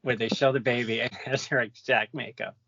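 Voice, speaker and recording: A man's voice: mid-range voice, fairly even intonation, a little fast, fairly bright tone, no room sound, dull audio. A man co-hosting a casual movie podcast, enthusiastic and chuckling, often restarting his sentences. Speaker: podcast co-host.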